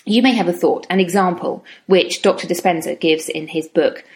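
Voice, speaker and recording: A middle-aged woman giving a calm, reflective self-help talk and slowing down on key words. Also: lowish voice.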